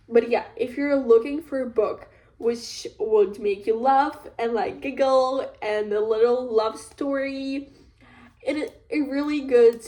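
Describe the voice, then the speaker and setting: Woman book reviewer, casual rambling chat, slow delivery, plenty of fillers. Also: high voice. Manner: rambling, relaxed, lots of filler words.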